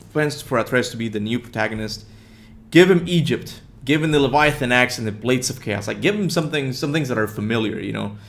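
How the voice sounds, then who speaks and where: Male podcast host, casual, excitable, frequent laughs, remote-call mic. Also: mid-range voice, fairly quick, gravelly. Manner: excitable, laughs often, stumbles over words. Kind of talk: casual gaming chat.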